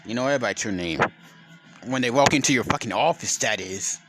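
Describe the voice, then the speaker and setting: A gruff grown man hero, as a storyteller voices him, his lines dropped noticeably lower than the narration and delivered flat and dry. It is a light put-on voice in a casual retelling. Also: quick pace, over music, natural voice. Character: gruff adult male fire hero, dry.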